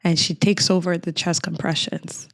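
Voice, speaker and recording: A woman's voice: fairly low pitch, little pitch movement, moderate pace, no room sound, studio quality. A middle-aged woman from Cameroon, a podcast guest earnestly recounting a frightening personal memory in conversation.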